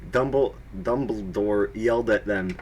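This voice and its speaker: This young man reads a story for laughs in an unhurried, lowish, slightly mellow voice, pausing to ridicule the prose and chuckle. A faint hiss or hum sits under the recording.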